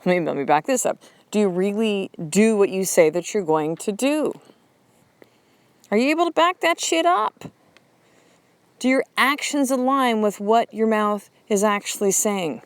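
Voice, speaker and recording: A woman's voice: mid-range voice, lively intonation, a little slow, smooth, no room sound. A woman hosting a motivational podcast, talking bluntly and emphatically and swearing freely. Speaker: podcast host.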